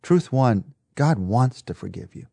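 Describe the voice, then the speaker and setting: A man delivering a devotional sermon with an emphatic, repetitive rhetorical rhythm. His pitch swings widely as he stresses each point, and the sound is dry and close. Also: expressive, unhurried, vocal fry, warm tone, slightly rough, no room sound. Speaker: preacher.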